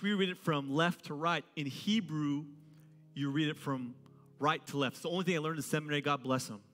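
Male pastor, sermon delivery, playful and animated, slightly high voice, echoing hall with soft music beneath. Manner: joking, animated preaching. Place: church auditorium. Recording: reverberant hall with faint music.

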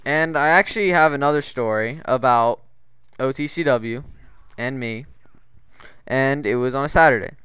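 A man's voice: medium pitch, moderate pace, a bit bright, clean tone, no echo, poor audio. A man hosting a gaming channel, telling rambling, profane stories in casual gameplay commentary, full of "like" and restarts. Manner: rambling, profane, filler-heavy.

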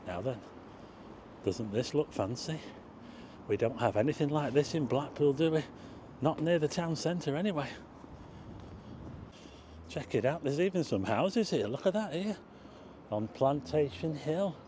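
A man's voice: on the high side, expressive, a little slow, pauses often, mellow, a little hiss or hum. A man narrating a casual walking tour, chatting to his viewers and exclaiming at what he sees. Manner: chatty, addresses viewers as folks, exclaims at sights. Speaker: travel vlogger. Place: outdoors on town streets.

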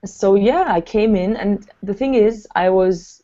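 A woman's voice: mid-range voice, a little slow, mellow, dull audio. A woman actress telling a long story in a casual interview, rambling and full of fillers. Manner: chatty, rambling, many fillers. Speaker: actress and guest. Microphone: video call.

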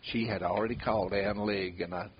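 A man's voice: on the low side, steady tone, fairly quick. An older man, telling folksy stories in casual conversation and laughing at his own tales. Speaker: bloodhound tracker. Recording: dull lo-fi recording with hiss.

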